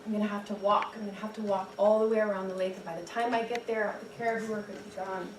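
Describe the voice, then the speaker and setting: A woman voicing a worried, eager young boy in a folk tale, quick and pleading, heard from a distant mic in an echoey room. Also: medium pitch, fairly even intonation, noisy background, natural voice.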